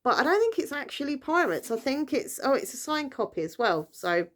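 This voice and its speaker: A woman's voice: high-pitched, very animated, brisk, a bit bright. A British woman chatting casually on her vlog, rambling along with lots of fillers and self-corrections. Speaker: book vlogger. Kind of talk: casual chat.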